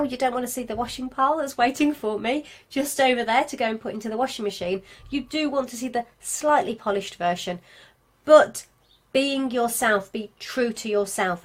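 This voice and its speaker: Lady doing a live marketing class from home, chatty and upbeat, goes off on little tangents, bit higher voice. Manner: chatty, encouraging, digresses. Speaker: craft business marketing coach. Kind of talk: live-streamed class to viewers.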